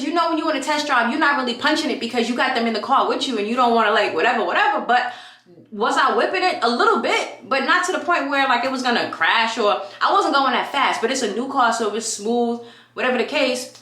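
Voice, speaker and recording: A woman telling a story in a casual vlog at home. She talks in a chatty, animated way and acts out what people said. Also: high voice, fast. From New York. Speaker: vlogger. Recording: echoey room.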